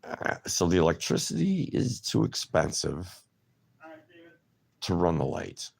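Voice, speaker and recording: A man's voice: sits low, very animated, a little slow, gravelly, breathy edge. A man hosting a casual livestream, chatting loosely and answering viewer comments by name. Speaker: livestream host.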